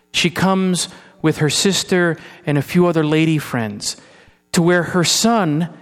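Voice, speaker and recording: A man preaches a sermon in an unhurried, high voice, asking his listeners questions as he goes. At times he sinks into a hushed, solemn tone. His voice carries a long hall reverb over a low mains hum. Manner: conversational preaching with rhetorical questions to the congregation; drops to a soft, hushed tone for solemn passages. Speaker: pastor.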